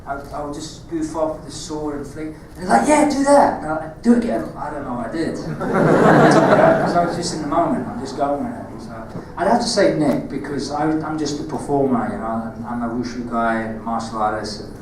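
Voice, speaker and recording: A man with a Cockney accent answering questions on a convention panel, telling animated stories, laughing and acting out moments, recorded from the audience far off in a large hall. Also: mid-range voice, normal speed, hardly any pauses, very noisy. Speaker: panel guest, actor and martial artist. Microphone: audience camera far from the stage.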